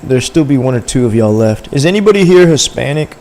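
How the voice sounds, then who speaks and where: A young male streamer rambles to his viewers in casual, slangy chatter. He speaks a little fast in an expressive mid-range voice with a dark tone.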